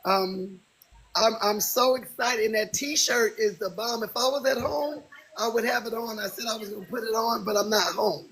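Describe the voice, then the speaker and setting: A woman's voice: fairly high pitch, moderate pace, breathy edge, poor audio. Gushing woman on a phone. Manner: effusive, warm praise with casual swearing. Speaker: listener calling in to a live audio chat. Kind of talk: casual chat.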